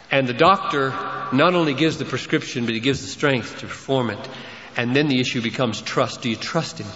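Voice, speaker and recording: A man preaching a sermon as pastor, with an emphatic delivery that climbs in pitch and force on key points, recorded in a large church sanctuary. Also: fairly bright tone, a little hiss or hum. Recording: echoey hall, dull lo-fi sound.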